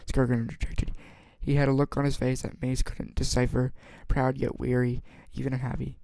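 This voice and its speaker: A man's voice: medium pitch, completely flat delivery, gravelly, warm tone, dry recording. A man reading a novel aloud as an amateur, stumbling and restarting words often. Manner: halting, frequent stumbles and restarts. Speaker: audiobook reader.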